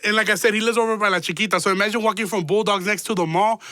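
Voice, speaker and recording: Fast, high-voiced joking young man. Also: fairly even intonation, no echo, clean studio sound. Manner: loud, profane, teasing storyteller. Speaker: podcast host. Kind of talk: casual chat.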